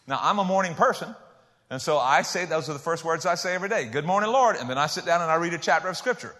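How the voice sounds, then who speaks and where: An older man preaching a sermon in a folksy, joking way, swinging between loud emphasis and soft asides. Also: fairly high pitch, animated, fast. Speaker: pastor. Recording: hall reverb.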